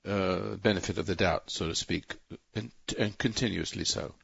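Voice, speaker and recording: Gravelly preachy man hosting call-in radio. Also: deep voice, moderate pace, fairly bright tone, dry recording, dull audio. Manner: rambling, self-interrupting, preachy. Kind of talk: talk radio monologue.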